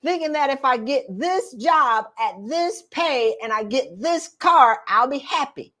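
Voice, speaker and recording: Animated woman coaching in slangy talk. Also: high voice, a little slow. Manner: animated, preachy, slangy and direct, talks straight to viewers. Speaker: career coach for women. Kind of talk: live-streamed coaching talk.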